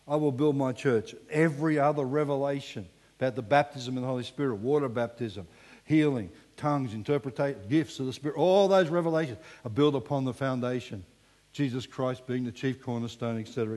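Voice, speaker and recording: A man preaching a sermon with animated delivery, sometimes falling to a hushed emphasis. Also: mid-range voice, brisk. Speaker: pastor. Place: church hall. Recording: long reverb in a church hall.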